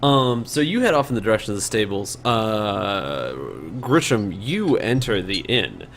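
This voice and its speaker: A man's voice: on the low side, sing-song, a little slow, a bit bright, a little hiss or hum. A man running a tabletop game as game master, narrating loosely with many fillers.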